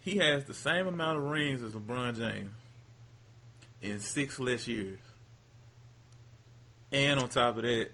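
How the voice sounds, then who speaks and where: A man co-hosting a casual sports chat, laid-back and quick to chime in with agreement. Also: mid-range voice, bright, forceful tone. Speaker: podcast co-host.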